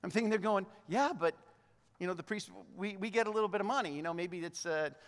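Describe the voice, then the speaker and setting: A man preaching a sermon, animated, acting out the lines of the figures he talks about. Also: rapid-fire, big-room sound. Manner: hushed, low voice in prayer. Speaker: pastor.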